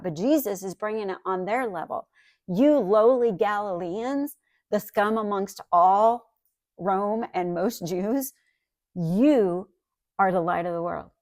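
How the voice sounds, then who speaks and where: A woman's voice: mid-range voice, no room sound, studio quality. A woman giving a sermon as a Bible teacher, earnest and emphatic, with conversational asides.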